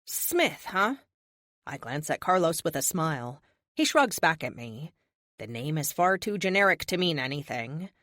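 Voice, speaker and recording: A woman's voice: low voice, lively intonation, moderate pace, a bit bright, no echo, clean studio sound. A woman narrating a first-person audiobook in a wry, spirited voice.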